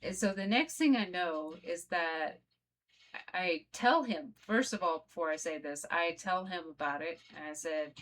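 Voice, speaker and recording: A woman's voice: lowish voice, unhurried, a bit bright. A woman vlogger telling her own story in a casual, conversational way, talking straight to her viewers. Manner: conversational, addresses viewers directly.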